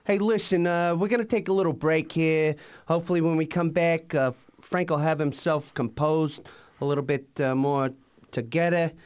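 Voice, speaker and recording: An actor playing an easygoing male talk radio host on a comedic in-game station, calmly steering the show to a break and back. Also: a little high, normal speed, clear, resonant tone, lightly acted. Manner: calm, soothing host patter.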